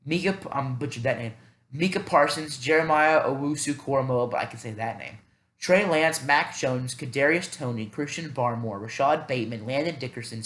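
A man's voice: medium pitch, a bit bright, echoey room. A man hosting a casual solo podcast, thinking aloud in a rambling, self-deprecating way with many fillers. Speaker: podcast host.

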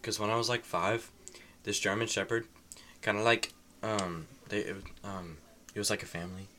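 Bright, laughing young man. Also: on the low side, fairly even intonation, normal speed, slight background noise. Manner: laughs often, tells stories animatedly. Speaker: podcast co-host. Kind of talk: casual chat.

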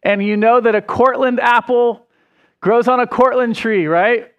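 A middle-aged man, a pastor, preaching a conversational sermon in a casual, chatty way, full of ums and quick self-corrections. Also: extremely high pitch, fairly even intonation, fairly bright tone, clean tone, dull audio.

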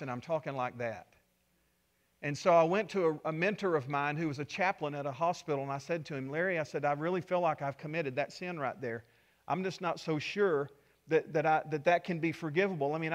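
A middle-aged man with a notably high voice delivers a sermon. He speaks earnestly, mixing personal stories with rising, emphatic appeals to his listeners. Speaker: pastor.

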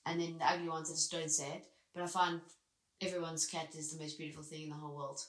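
A woman from South Africa, a vet and podcast co-host, chatting casually and laughing often. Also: quick pace. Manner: giggly, animated, slips into high exaggerated voices when quoting herself. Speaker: podcast co-host, veterinary surgeon. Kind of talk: casual chat. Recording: roomy echo.

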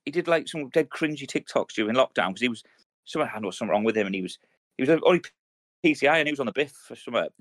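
A man in his thirties tells rambling army stories at a rapid clip, thick with slang and swearing. His voice sits at an ordinary pitch and is recorded close and dry, with no room sound. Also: lively intonation, a bit bright, no room sound. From United Kingdom. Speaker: podcast co-host. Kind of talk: casual chat.

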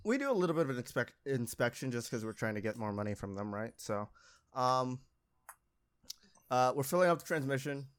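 A man's voice: medium pitch, very animated, brisk, clean tone. A young man casually telling a long story about a mishap at his auto shop job, rambling, laughing and mocking himself.

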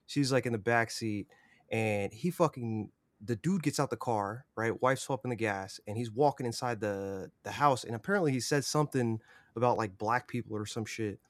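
A man's voice: mid-range voice, moderate pace, no room sound. Rambling young man telling a story. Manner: rambling, heavy swearing and fillers. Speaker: podcast guest. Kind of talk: casual storytelling.

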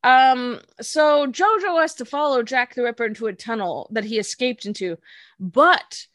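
Animated woman recapping a story on a podcast. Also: fairly high pitch, moderate pace, no room sound, studio quality. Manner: animated storyteller acting out quotes. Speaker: podcast co-host.

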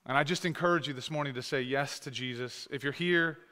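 A man preaching a sermon as pastor, talking conversationally and rising to loud, emphatic scripture reading. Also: medium pitch, fairly quick. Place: church sanctuary. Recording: long hall reverb.

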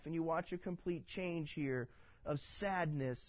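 A high-voiced male pastor delivering an animated sermon in church, slipping into voices to act out the lines he quotes. The sound is dull and lo-fi, like an older church recording. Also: unhurried.

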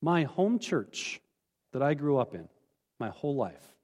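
A male pastor preaching a candid, emphatic sermon, dropping suddenly quiet for personal admissions, in a church. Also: mid-range voice, very animated, unhurried, long reverb tail. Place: church sanctuary.

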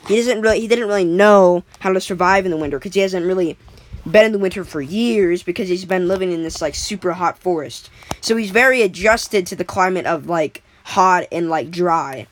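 A woman's voice: lowish voice, brisk, a little hiss or hum, low-quality recording. A woman casually making up a story as she goes, rambling with lots of fillers and restarts.

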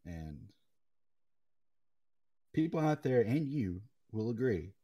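A young man co-hosting a casual gaming chat, telling animated stories and swearing freely. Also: mid-range voice, takes it slowly, slightly rough. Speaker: podcast co-host.

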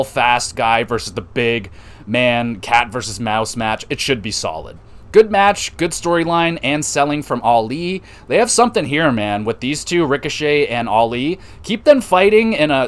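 A man hosting a podcast, recapping wrestling matches in a loose, excitable way, swearing and laughing often. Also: medium pitch. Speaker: podcast host reviewing wrestling. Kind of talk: casual recap.

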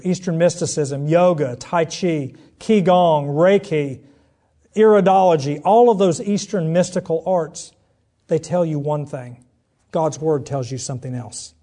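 A middle-aged man preaching a sermon, telling a personal story and acting out the voices in it, swinging between hushed and loud. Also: a little high. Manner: dramatic storytelling, acts out quotes, swings between soft and loud.

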